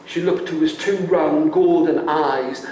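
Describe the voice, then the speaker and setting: A man telling a folk tale to a live college audience, animated and coaxing them to join in. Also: a little slow. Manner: animated, leaps into high voices for characters, coaxes the audience to join in. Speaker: storyteller. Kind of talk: live oral storytelling with audience participation. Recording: very echoey hall, faint background noise.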